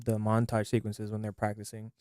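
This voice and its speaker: A man co-hosting a podcast, chiming in with short, halting remarks in casual movie chat. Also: fairly low pitch, monotone, darkish tone, smooth, no echo, studio quality. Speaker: podcast co-host.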